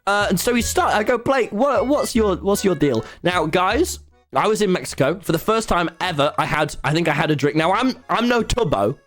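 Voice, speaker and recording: Lively rambling young Englishman. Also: high-pitched, fairly quick, faint music behind. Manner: rambling, laughing, restarts a lot. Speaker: streamer. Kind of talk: casual storytelling to a live chat.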